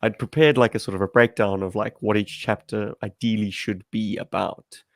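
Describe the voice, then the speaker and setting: A man's voice: on the low side, steady tone, normal speed, no room sound, clean studio sound. A man from South Africa, a guest on a video-call livestream, talking in a rambling, self-deprecating way with many fillers. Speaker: amateur filmmaker guest. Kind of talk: livestream discussion.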